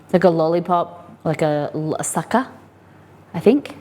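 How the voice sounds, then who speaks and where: A woman's voice: lowish voice, lively intonation, normal speed, dark tone. An Australian woman hosting a casual live cooking stream, chatting as she cooks and reading viewer comments aloud. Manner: chatty, reads viewer comments aloud, talks to her dog. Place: home kitchen.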